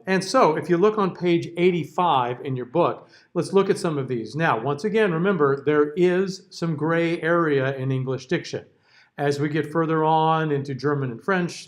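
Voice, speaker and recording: Male diction teacher, somewhat high voice, relaxed lecture manner, models words aloud. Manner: patient, conversational, models sounds aloud. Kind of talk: classroom lecture.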